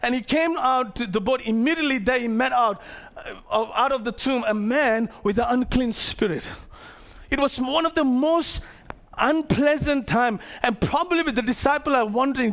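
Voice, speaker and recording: A man preaching a sermon as pastor to his congregation, animated, acting out the characters of the story and joking with the crowd. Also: very high voice, normal speed, vocal fry. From Malaysia. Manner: playful asides to the congregation.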